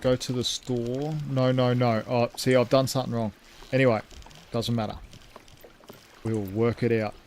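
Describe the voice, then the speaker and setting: A man's voice: mid-range voice, flat delivery, moderate pace, long pauses, a little mellow, a little hiss or hum. Rambling man streaming a game. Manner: rambling, thinks aloud, reads and thanks chat. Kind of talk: casual live-stream chat.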